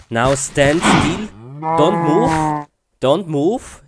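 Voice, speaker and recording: A man acting out a comedy skit in halting, broken English, talking himself through each step with many "oh" and "hmm" sounds. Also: a little high. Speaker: skit performer.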